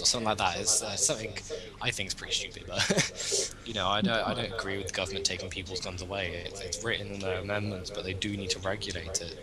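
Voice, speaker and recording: A man's voice: low voice, fairly even intonation, quick pace, a crowd in the background, poor audio. A young man hosting a casual political chat, rambling and opinionated as he thinks aloud. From Britain. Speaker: host.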